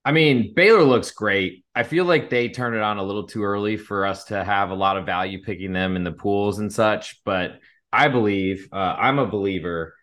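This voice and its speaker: A man's voice: lowish voice, moderate pace, a bit bright. Easygoing man co-hosting a betting podcast. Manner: easygoing, hedging with fillers. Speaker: podcast co-host. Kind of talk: casual sports betting chat.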